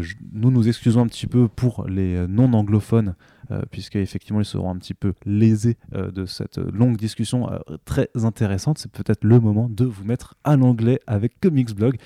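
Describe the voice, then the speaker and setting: A French man hosting a casual podcast interview, speaking with a French accent and pausing often with fillers. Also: lowish voice, creaky, dark tone, dry recording, clean studio sound. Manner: halting, frequent filler pauses. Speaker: podcast host.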